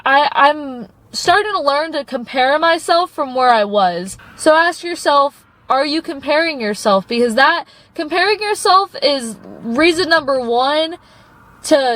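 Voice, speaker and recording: High-voiced young woman cheering viewers on. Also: expressive, a little slow, fairly bright tone, low-quality recording. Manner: earnest and encouraging, calls viewers babe. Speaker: vlogger. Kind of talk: casual motivational talk to camera. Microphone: phone propped up.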